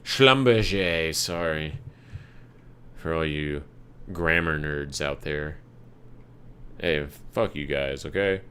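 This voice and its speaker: A man's voice: rumbling low, steady tone, takes it slowly, long pauses, pushed and bright, slight background noise. A young man hosting a live market analysis stream, talking casually through charts with loose, jokey, profane asides. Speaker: market analysis livestream host.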